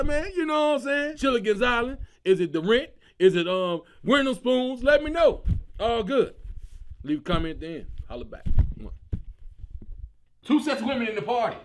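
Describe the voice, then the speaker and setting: A man hosting his own comedy show, talking casually and with lots of slang, often laughing as he riffs. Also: very high-pitched. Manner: animated, slangy, breaks into laughter. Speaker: comedian host.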